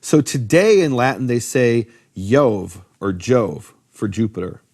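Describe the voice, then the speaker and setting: A man teaching in a conversational lecture about biblical names, animated, posing rhetorical questions and often restarting his sentences. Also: mid-range voice, a little slow, husky. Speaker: Bible teacher explaining Hebrew names.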